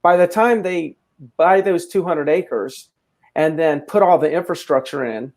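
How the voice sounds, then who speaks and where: Higher-voiced man talking real estate. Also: unhurried, darkish tone. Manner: restarts sentences, emphatic opinions. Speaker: realtor co-host. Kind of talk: casual market discussion.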